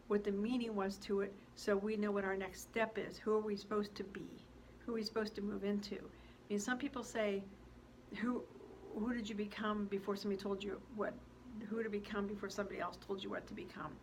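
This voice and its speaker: A woman's voice: medium pitch, a little hiss or hum. A woman in her sixties, an author, giving an earnest, heartfelt motivational talk straight to her viewers. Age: 60s. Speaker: author and speaker.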